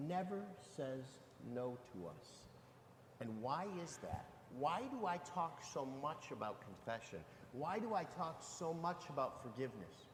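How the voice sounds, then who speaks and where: Priest preaching in an echoey church. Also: male voice, fairly high pitch, slight background noise. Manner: lively, emphatic preaching with rhetorical questions. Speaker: pastor. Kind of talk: sermon. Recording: echoey church hall with long reverb.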